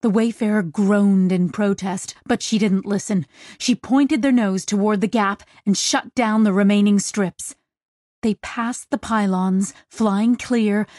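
Woman audiobook narrator, slow measured delivery, dry close sound. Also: medium pitch, warm tone, dry recording. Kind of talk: scripted narration.

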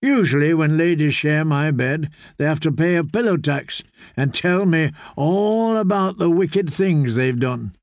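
A man's voice: fairly high pitch, animated, measured pace, dry recording, studio quality. A man voicing a drowsy, playful young noblewoman who teases her guest. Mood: sleepy teasing. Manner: playful, coquettish.

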